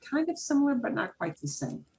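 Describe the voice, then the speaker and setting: A woman's voice: fairly high pitch, sing-song, fairly quick, gravelly, a little mellow. A woman teaching a beginners' Spanish class over a video call, explaining patiently and repeating phrases.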